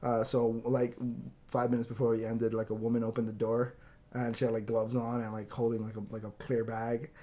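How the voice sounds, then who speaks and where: Fast-talking young man telling stories. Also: mid-range voice, monotone, dark tone. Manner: rambling anecdotes, swearing, acts out quotes. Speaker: podcast host. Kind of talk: casual storytelling chat.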